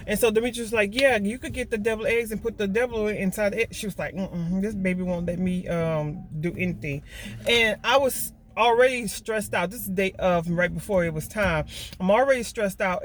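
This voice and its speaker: A woman's voice: mid-range voice, slight background noise. A middle-aged woman, telling a story to her vlog viewers in a casual, emotional way, often repeating herself and stumbling over words. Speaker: vlogger mom.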